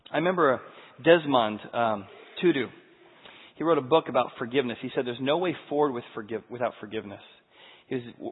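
Husky preacher in an echoey hall. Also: male voice, mid-range voice. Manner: animated storytelling, swings from hushed to loud. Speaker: pastor. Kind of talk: sermon. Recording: echoey hall over a thin phone-like line.

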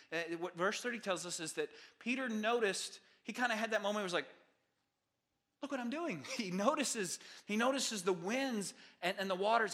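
A male pastor preaching a sermon, retelling a Bible story with animated asides and acted-out voices. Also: high voice. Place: church sanctuary.

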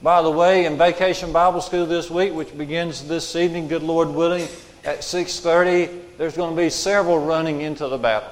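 A man's voice: a little high, fairly even intonation, a little fast. A man preaching a sermon as pastor, emphatic and repeating his key lines for weight. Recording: long hall reverb.

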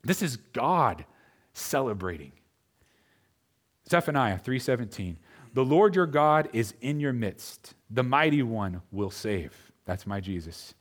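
A pastor preaching a sermon, speaking straight to his congregation and swinging between quiet, intimate lines and loud, emphatic ones. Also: mid-range voice, very animated, slow pace. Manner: addresses the congregation directly.

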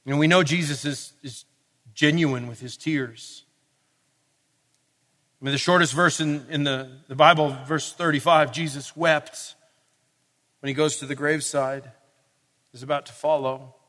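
High, bright-voiced male preacher in a hall. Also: fairly even intonation, unhurried, long pauses. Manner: conversational preaching, asks the audience questions, rises to forceful emphasis. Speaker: pastor. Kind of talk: sermon. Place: church or camp meeting hall. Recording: long reverb of a large hall.

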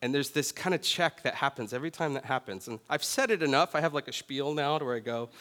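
A man's voice: mid-range voice, fast talker, bright, forceful tone. Man preaching casually in a reverberant hall. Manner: conversational, self-deprecating, often says "right?". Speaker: pastor. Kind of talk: sermon with personal story. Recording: long reverb of a large hall.

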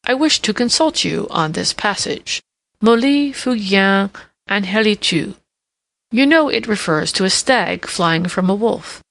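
A woman's voice: mid-range voice, unhurried, creaky. A woman voicing an elderly male king who is jovial, teasing and sure of himself, in an audiobook reading. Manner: lively, mocking, fond of puns and learned quips.

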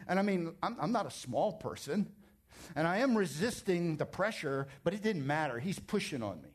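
Animated male preacher telling stories. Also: on the high side, moderate pace. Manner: animated storytelling, emphatic; conversational, jokes with the congregation. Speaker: pastor. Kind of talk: sermon.

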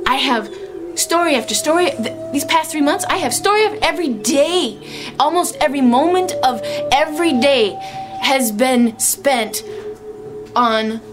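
Emotional high-voiced woman giving testimony. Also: lively intonation, measured pace. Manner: emotional, exclamatory, tearful at moments. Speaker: Christian speaker sharing testimony. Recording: music underneath.

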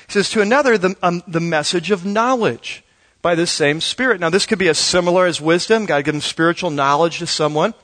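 Guy pastor with a high-ish voice, telling stories in his sermon, super conversational. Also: a bit bright. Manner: conversational, storytelling with acted-out dialogue.

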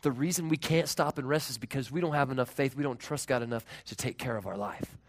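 A man in his thirties preaching a sermon as pastor, earnest, moving between raised emphasis and hushed, tender tones. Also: medium pitch, fast.

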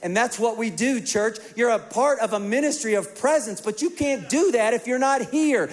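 A man preaching a sermon to a large congregation, telling stories in an animated way that swings from hushed to emphatic. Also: very high-pitched, moderate pace, soft background music. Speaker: pastor. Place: large church auditorium. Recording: long reverb of a large hall.

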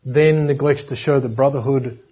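A man's voice: mid-range voice, steady tone, moderate pace, dark tone, husky, muffled recording. A man preaching a sermon lesson in a conversational way, with joking asides and repeated words.

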